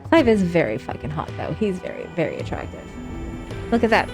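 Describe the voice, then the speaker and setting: A woman's voice: fairly low pitch, wildly swooping pitch, brisk, gravelly, over music. A young woman streaming a game live, chatting casually, sarcastic and swearing freely.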